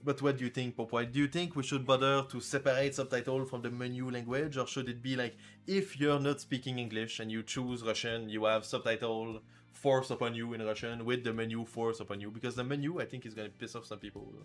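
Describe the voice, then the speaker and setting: A man's voice: mid-range voice, level tone, fairly quick, hardly any pauses, faint music behind. Joking, crude male game developer on stream. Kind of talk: casual livestream chat.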